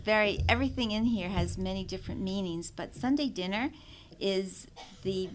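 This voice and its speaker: A woman author, a guest, answering casually about her book in a musing way with pauses. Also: mid-range voice, slight background noise. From Italian family.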